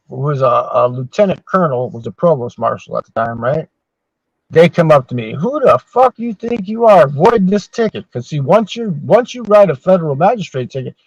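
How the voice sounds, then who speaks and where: A man's voice: a little high, sing-song, brisk, a little mellow, no room sound. A man in his sixties telling long, swear-filled anecdotes in casual chat as a podcast host. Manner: profane, rambling anecdotes. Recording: dull, dry sound.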